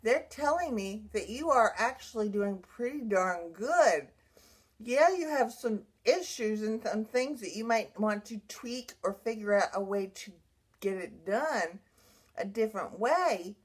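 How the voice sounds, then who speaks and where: A woman's voice: mid-range voice, animated, a little slow, slightly rough. A woman who survived a brain injury, telling her own story in an emotional, rambling way, with many restarts. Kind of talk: personal vlog monologue.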